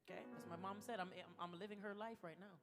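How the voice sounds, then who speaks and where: A woman's voice: lowish voice, steady tone, quick pace. A woman giving a playful motivational speech at a gala and leading the audience through spoken mantras. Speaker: gala speaker. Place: large event hall. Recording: echoey hall with music.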